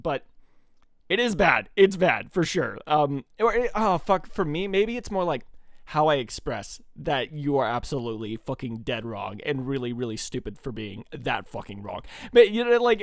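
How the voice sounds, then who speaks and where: Male commentator, mid-pitched, dry close sound, loose and profane with lots of ums and likes. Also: no echo. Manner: profane, rambling, hesitant with many fillers. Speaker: commentary streamer. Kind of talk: casual reaction commentary.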